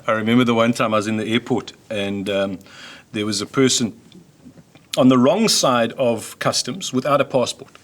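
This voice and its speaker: A man hosts a casual sit-down conversation. He talks thoughtfully, spinning stories at an everyday pitch. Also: moderate pace. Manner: thoughtful, storytelling, acts out quoted voices. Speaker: host.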